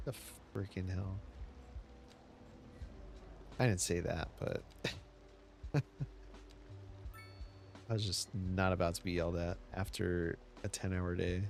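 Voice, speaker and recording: Deep gravelly man chatting over gameplay. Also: steady tone, measured pace, long pauses. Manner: rambling storytelling with many restarts. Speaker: streamer. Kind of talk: casual gameplay chat. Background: faint game music.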